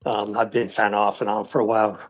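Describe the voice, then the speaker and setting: A man's voice: on the low side, level tone, quick pace, rough recording. A man calling in to a casual chat, laid-back and hesitant with lots of fillers. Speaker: caller.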